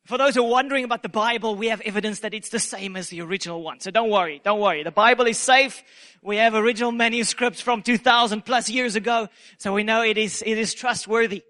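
A male pastor delivering a sermon with a strikingly high, bright voice. He preaches in a lively, playful way, slips into little acted quotes and laughs at his own jokes. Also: fairly quick.

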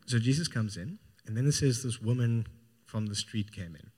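A man's voice: mid-range voice, lively intonation, moderate pace, darkish tone, slightly rough. A man preaching a sermon, retelling a Gospel story in an informal, storytelling way. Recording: long hall reverb.

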